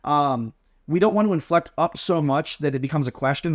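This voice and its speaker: Man coaching, slightly high voice. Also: normal speed. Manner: explains step by step, demonstrates sample answers. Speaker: drill team coach. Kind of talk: casual instructional chat.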